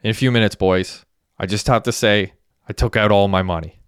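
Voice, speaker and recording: A man's voice: fairly low pitch, fairly even intonation, a little fast, smooth, no room sound, clean studio sound, close to an everyday voice. A man voicing a laid-back young man who talks in a casual, mildly defensive way.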